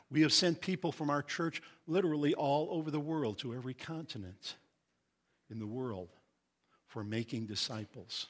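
A middle-aged man from Indiana preaching a sermon as pastor, earnest and teaching, reading scripture slowly with emphasis. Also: medium pitch.

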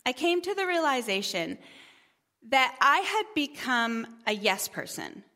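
A middle-aged mother telling a parable and stories from family life at a church gathering, chatty with gentle humor. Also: high-pitched, big pitch swings, measured pace. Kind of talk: storytelling talk.

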